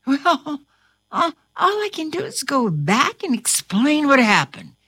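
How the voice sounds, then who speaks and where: A woman's voice: high-pitched, huge pitch swings, slow pace, sharp tone, no echo, clean studio sound, heavily acted. Woman doing a panicked man turned dog. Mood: stunned resolve. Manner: panicky, stammering, near tears.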